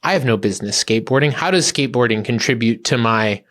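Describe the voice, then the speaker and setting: A man's voice: medium pitch, animated, fast talker, a bit bright. A man hosting a podcast, speaking in a reflective, searching way with many fillers. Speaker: podcast host. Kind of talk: casual podcast conversation.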